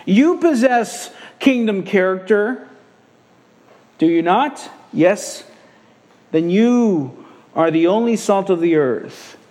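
A man's voice: high-pitched, expressive, slow, pauses often, darkish tone. A male pastor preaching a sermon, emphatic and repeating his key phrases for weight.

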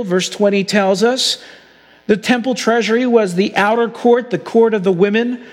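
A man with a high voice preaches a sermon in an earnest way, slowing down to press his key points home. His voice rings with the long reverb of a large hall. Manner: earnest preaching, slows for emphasis. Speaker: pastor.

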